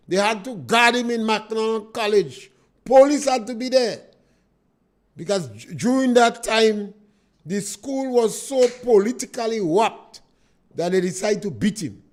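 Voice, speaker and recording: A man with a Grenadian accent and a very high voice runs a call-in political talk radio show from a studio. He speaks emphatically and poses rhetorical questions.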